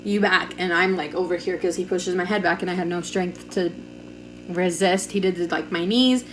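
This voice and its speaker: A woman's voice: lowish voice, fairly even intonation, moderate pace, background noise. A young woman telling a personal story in a chatty, casual way, full of "like" fillers, recorded on a camera mic at home. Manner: chatty, lots of "like", acts out quoted dialogue. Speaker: vlogger.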